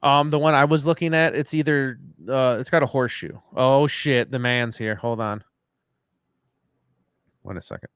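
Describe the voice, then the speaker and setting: A man's voice: mid-range voice, normal speed, a bit bright, smooth, no echo, clean studio sound. A man co-hosting a live podcast, chatting loosely and rambling, swearing casually. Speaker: podcast co-host. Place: at home after dinner.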